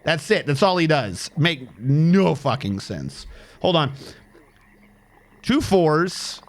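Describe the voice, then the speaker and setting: Speaking slowly in a sing-song voice on the high side, a man streams a game. He offers casual, rambling, profane commentary while playing, counting under his breath.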